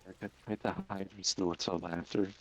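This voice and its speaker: A man narrating a fan story aloud on a live stream, unhurried, with small slips and restarts. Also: sits low, flat delivery, poor audio.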